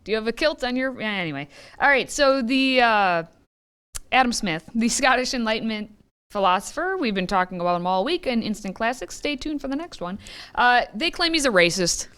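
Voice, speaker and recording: A woman's voice: a little high, expressive, fairly quick, fairly bright tone, clean tone. A woman co-hosting a casual commentary show, wry and sarcastic as she lays out the story and reads quotes aloud. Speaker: co-host. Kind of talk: casual political commentary chat.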